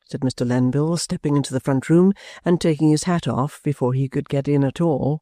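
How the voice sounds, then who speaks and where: A man narrating an audiobook, reading the narration tags quietly. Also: mid-range voice, fairly even intonation, fairly quick, hardly any pauses, no echo, studio quality. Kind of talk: scripted narration.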